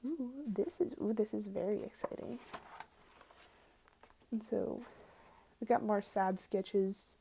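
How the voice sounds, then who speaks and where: A young adult woman talking through her sketchbook in a casual vlog, rambling and excitable, laughing often and swearing casually. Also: medium pitch, slow, vocal fry, pauses often, husky. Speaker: art student vlogger.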